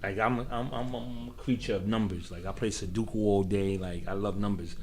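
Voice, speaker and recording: A man's voice: lowish voice, steady tone, brisk, slight background noise. A man from hosting a podcast, talking in loose, slangy banter with frequent laughs. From Brooklyn, New York. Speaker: podcast host. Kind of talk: casual chat.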